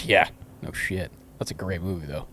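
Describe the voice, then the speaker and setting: A man's voice: sits low, steady tone, moderate pace. A man co-hosting a casual podcast, with a laid-back, easygoing way of talking. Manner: laid-back, drifts quieter when reminiscing. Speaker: podcast co-host. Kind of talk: casual chat. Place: cigar shop.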